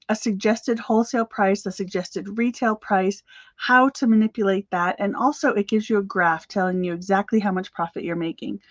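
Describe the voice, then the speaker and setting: Woman, crochet business coach, chatty, upbeat, medium pitch, dry, a bit muffled. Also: dry recording. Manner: chatty, upbeat, with laughs and fillers. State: slightly out of breath. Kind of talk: live-streamed chat.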